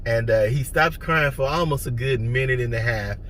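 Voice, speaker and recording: A young man tells a candid, animated story in a casual vlog. His voice sits at an ordinary middle pitch. Steady street and traffic noise runs behind him outdoors. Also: normal speed. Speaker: vlogger, father. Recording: noisy outdoor ambience with traffic.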